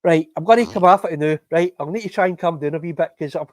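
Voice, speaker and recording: A man's voice: a little high, fast, few pauses, no room sound. A Scottish man hosting a football fan podcast live stream, ranting angrily with lots of swearing and bitter laughs.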